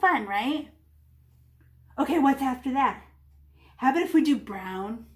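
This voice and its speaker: A woman leads a children's painting lesson, describing each brushstroke as she makes it. Her voice sits a little high and stays playful, with whooshes and small sound effects as she demonstrates. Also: lively intonation, measured pace. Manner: talks while painting, demonstrating step by step. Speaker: art teacher.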